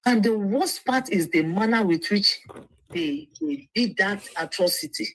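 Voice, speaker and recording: A woman speaks earnestly as a lawyer guest, her voice husky and swinging widely in pitch. She often stumbles and restarts her words, and the sound is close and dry. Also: expressive, measured pace, dry recording, rough recording. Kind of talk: livestream interview.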